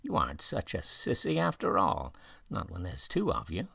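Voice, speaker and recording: A man's voice: low-pitched, huge pitch swings, moderate pace, vocal fry, bright, forceful tone, husky, dry recording, studio quality, heavily acted. A man reading a mocking, menacing ghost of a man. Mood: taunting.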